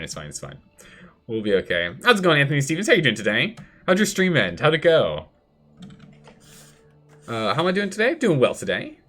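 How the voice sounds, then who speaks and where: A man's voice: mid-range voice, pushed and bright. Chatty man streaming strategy gameplay. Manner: chatty, thinks aloud, reads chat. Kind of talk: live gameplay commentary.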